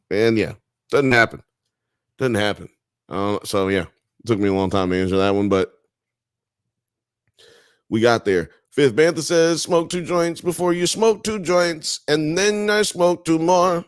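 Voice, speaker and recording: Speaking at a medium pitch with an unhurried pace and long pauses, this laid-back live-show host from the American South and Midwest reads out chat comments and riffs on them. His tone is clear and resonant, and the studio-quality recording is dry.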